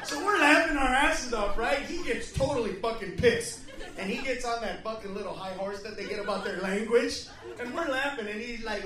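A man doing a loud, profane stand-up comedy routine, telling punchy stories on stage. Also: very high voice, normal speed, noisy background. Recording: echoey club from far, loud crowd.

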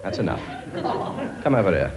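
A man's voice: deep voice, sing-song, a crowd in the background. An actor playing a bossy, blustering king with a brash, mocking manner in a studio comedy. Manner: brash, mocking, quick put-downs. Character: bossy blustering king, many children, middle-aged man. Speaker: comic actor. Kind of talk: studio sitcom acting.

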